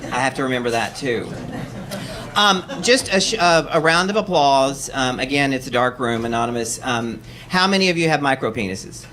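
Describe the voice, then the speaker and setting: A man hosting a live storytelling show on a cabaret stage, energetic and joking as he keeps the crowd going. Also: mid-range voice, normal speed. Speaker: host. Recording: live room with a noisy cheering crowd.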